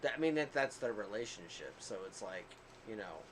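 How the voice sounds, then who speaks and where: A man's voice: fairly low pitch, very animated, fairly quick, slight background noise. A man co-hosting a casual podcast, telling a long rambling story with frequent laughs and asides. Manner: self-described quieter one. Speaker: podcast co-host.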